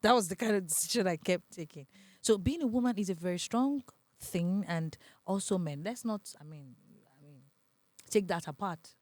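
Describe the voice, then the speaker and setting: A woman with a Nigerian accent speaks as a relationship advisor in a relaxed interview, with a mid-range voice. She tells her points animatedly and with drama, often breaking into laughter, in a dry, close sound. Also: medium pitch, normal speed, dry recording. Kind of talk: casual podcast interview talk.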